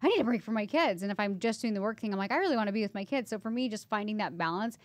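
A woman's voice: medium pitch, expressive, racing, dry recording. A woman in her thirties co-hosting a podcast, telling personal stories in a chatty, emotional way full of fillers. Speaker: podcast co-host. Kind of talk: casual conversation.

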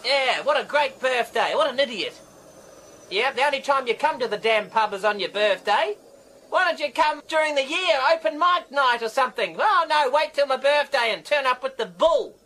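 An actor with a New Zealand accent playing a rambling, apologetic band manager juggling phone calls in a radio sitcom. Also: male voice, very high voice, lively intonation, moderate pace, sharp tone, slight background noise, full character voice, low-quality recording. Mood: indignant. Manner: rambling, apologetic, easily flustered. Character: flustered male manager fielding phone calls.

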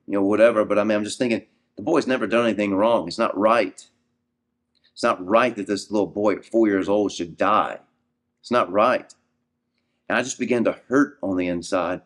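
Earnest man preaching in a low voice. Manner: earnest, repeats words when starting a thought. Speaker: minister. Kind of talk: preaching talk with personal story.

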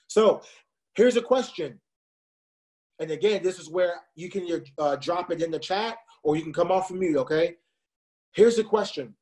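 He's in his twenties, an impassioned youth speaker addressing young people by video call and often pleading "listen to me." The voice sits high and is expressive, a little mellow, moving at a normal pace.

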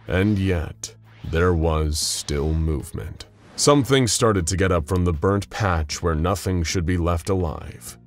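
A man with a very deep voice tells a scripted story, pacing it for drama. A faint music bed plays beneath his narration.

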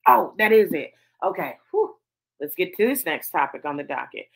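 A woman hosting a commentary show, ranting heatedly and swearing emphatically. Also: lowish voice. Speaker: host.

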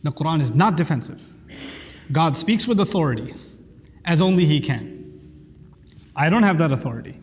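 A man's voice: a little high, expressive, normal speed, pauses often, big-room sound, slight background noise. A man teaching a lecture on the Quran, speaking emphatically and reciting Arabic verses.

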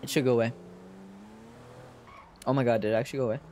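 A man's voice: medium pitch, fairly even intonation, fast, a little mellow, a little hiss or hum. A man giving casual, chatty gameplay commentary as a streamer, rambling and giggling.

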